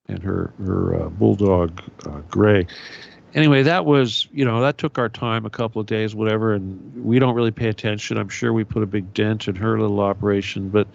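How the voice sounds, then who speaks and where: A gravelly man rants through a conspiratorial monologue on his own radio show, profane and sarcastic. The audio is dull and lo-fi. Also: fairly low pitch. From United States.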